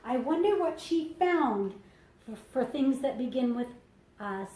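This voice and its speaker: A woman reading a picture book aloud to preschoolers, slow and sing-song, stopping to explain things to the children. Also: sits high, animated, mellow. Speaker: children's librarian. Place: library room. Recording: echoey room.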